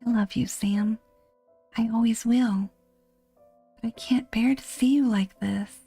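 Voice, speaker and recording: A woman's voice: a little high, steady tone, a little slow, warm tone, husky, soft background music. A woman voicing a grieving wife who begs her husband through tears, in whispered role-play. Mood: begging. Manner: tearful, begging. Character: grieving sobbing wife, begging.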